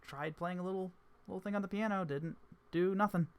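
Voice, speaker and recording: Sassy young barmaid, played by a man, in a clearly raised voice, snappy. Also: sits high, brisk, voice pushed up. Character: young female barkeep, sassy and tense.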